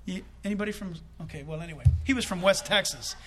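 A man's voice: sits high, fast, a bit bright. A man preaching a sermon and telling a comic story, acting out the voices of the people in it.

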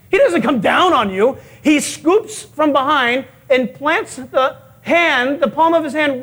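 A male pastor preaching a sermon, telling stories with animated acted-out quotes and chuckles. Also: extremely high pitch, husky.

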